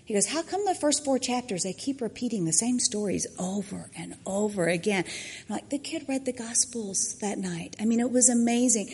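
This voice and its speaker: A woman's voice: on the high side, expressive, normal speed, warm tone, slightly rough. A woman, a church mentor giving a personal testimony, acting out the quotes in her story. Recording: long hall reverb.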